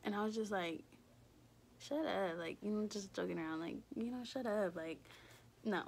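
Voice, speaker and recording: A young woman telling a personal story in a casual, rambling way, filling every pause with "like" and swearing freely. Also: mid-range voice, vocal fry, slight background noise. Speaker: vlogger.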